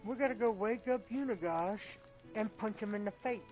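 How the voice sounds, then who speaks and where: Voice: mid-range voice, normal speed, a little mellow, soft background music, low-quality recording. A gaming channel co-host giving let's play commentary, talking to themself while playing and yelping when chased.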